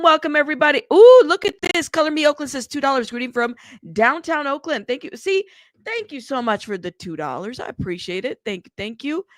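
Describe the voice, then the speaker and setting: A woman hosting a casual livestream talks in a chatty, blunt way, laughing easily and calling out viewers by name. Her throat is a bit rough from a cold. Her voice sits somewhat high and sounds close and dry, with no room around it. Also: fairly bright tone, dry recording. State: a little sick in the throat. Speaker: livestream news host.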